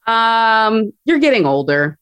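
A woman's voice: fairly high pitch, big pitch swings, slow, a bit bright, smooth, no echo, soft background music. A woman co-hosting a podcast, teasing and chatting in a bubbly way with lots of fillers. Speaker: podcast co-host. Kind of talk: casual podcast chat.

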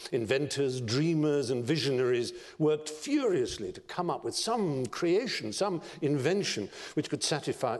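A man giving a lecture, telling stories in an expressive, theatrical narrating style. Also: medium pitch. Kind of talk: dramatic storytelling lecture. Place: large lecture hall. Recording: long reverb of a large lecture hall.

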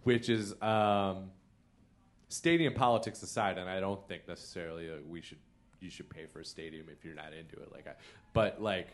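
A man's voice: low-pitched, fairly even intonation, moderate pace. A man from the Chicago area telling comic stories as a podcast guest, laughing often and running self-deprecating. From Chicago area, Illinois. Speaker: comedian guest. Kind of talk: live podcast storytelling. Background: loud noises from a neighboring bowling alley.

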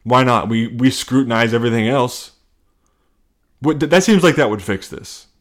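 Man ranting about sports, casual and profane. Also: moderate pace. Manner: animated, profane, rambling with restarts and sudden pitch jumps. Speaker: comedy podcast host. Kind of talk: casual comedic rant.

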